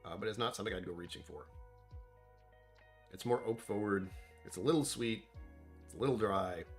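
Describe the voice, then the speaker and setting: A man's voice: fairly low pitch, fairly quick, faint music behind. A man hosting a casual whiskey tasting vlog, rambling and self-deprecating as he thinks aloud about what he smells and tastes. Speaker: whiskey reviewer.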